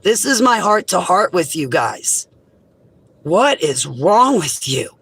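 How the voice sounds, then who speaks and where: A woman vlogger delivering an impassioned, indignant monologue straight to camera, swinging between raised outbursts and low, heavy statements. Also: very animated, slow, vocal fry, fairly bright tone, husky, poor audio.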